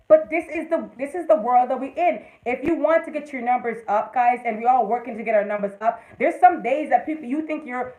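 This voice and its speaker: A woman's voice: on the high side, a little fast, few pauses, narrow, tinny audio. A woman hosting a casual livestream, giving motivational advice and greeting viewers by name. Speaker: livestream host.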